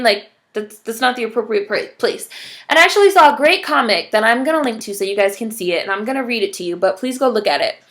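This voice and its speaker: A woman's voice: on the high side, a bit bright. A woman vlogger speaking directly to her viewers, impassioned and emphatic, with frequent asides to the audience. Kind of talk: direct-to-camera commentary.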